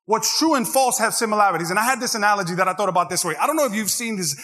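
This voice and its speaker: A man's voice: sits high, animated, rapid-fire, bright, forceful tone. A man preaching a sermon, joking with the crowd and swinging into singsong rises. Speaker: pastor. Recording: long hall reverb.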